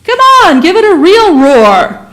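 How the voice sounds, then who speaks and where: A woman's voice: high voice, big pitch swings, measured pace, a bit bright, voice pushed up, heavily acted, rough recording. A woman voicing a grown male lion who urges a frightened cub to wake up to what he really is. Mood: urging. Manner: urging, insistent.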